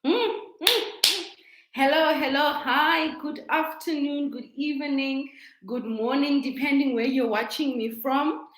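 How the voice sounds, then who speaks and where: A woman's voice: high voice, a little slow. Chatty South African woman, echoey room. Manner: chatty, repeats herself, greets viewers warmly. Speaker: life coach hosting a live stream. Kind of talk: casual live-stream chat. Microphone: laptop microphone.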